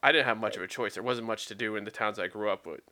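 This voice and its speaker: A man from the US Northeast in casual podcast chat, easygoing and quick to agree. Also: on the low side, pushed and bright.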